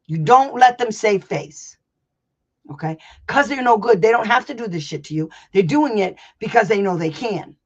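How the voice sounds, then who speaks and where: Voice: mid-range voice, slightly rough. A brash, no-nonsense advocate coaches parents in a loose online session, swearing freely and acting out both sides of a school meeting. The voice sits mid-range and comes through a slightly dull, lo-fi recording. Points get hammered home through repetition. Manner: blunt, brash and emphatic, with profanity and frequent laughs; drills points by repetition and acted-out dialogue.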